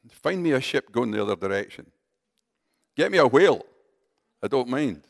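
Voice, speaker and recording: A preacher voicing a reluctant male prophet who loudly complains and refuses a task. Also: mid-range voice, sing-song, moderate pace, creaky. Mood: stubborn complaining. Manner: loud, complaining pleading.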